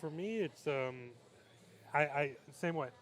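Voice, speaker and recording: A man's voice: a little high, takes it slowly, fairly bright tone. A man co-hosting a casual stream, chiming in with short remarks. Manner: brief, chiming interjections. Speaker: stream co-host. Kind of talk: casual chat.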